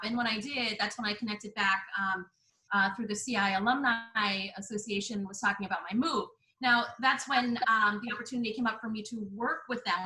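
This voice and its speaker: A woman who is a podcast guest, talking in an earnest, casual way with many pauses. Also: fairly high pitch, bright, forceful tone, reverberant, rough recording. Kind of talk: casual interview chat.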